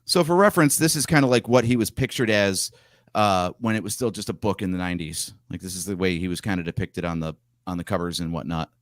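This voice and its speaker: A man co-hosts a casual fan podcast, chatty and opinionated, sharing pictures on screen as he talks. His voice is low-pitched and quick, recorded with studio quality and no room sound.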